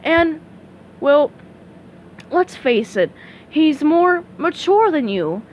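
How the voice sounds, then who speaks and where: Woman reader as gruff, commanding middle-aged crab boss man, blustery. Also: sits high, very animated, extremely slow, a little mellow, a little hiss or hum, pitched above the performer's own voice, heavily acted.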